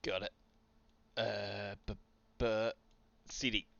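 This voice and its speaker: A man's voice: on the low side, little pitch movement, slow pace, vocal fry, a bit bright, dry recording, muffled recording. A man acting as game master of a tabletop game, explaining rules casually. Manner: casual, rules-focused, swears.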